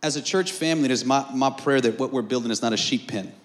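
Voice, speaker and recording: A male pastor preaching a call-and-response sermon at an outdoor patio service, swinging between shouts and hushed lines. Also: mid-range voice, fast talker.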